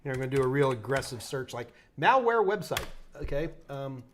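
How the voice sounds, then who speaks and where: A man's voice: medium pitch, very animated, a little fast, fairly bright tone, a little hiss or hum. A man with a New York accent hosting a live tech Q&A stream, talking loosely, joking and thinking aloud with restarts. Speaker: host answering tech questions.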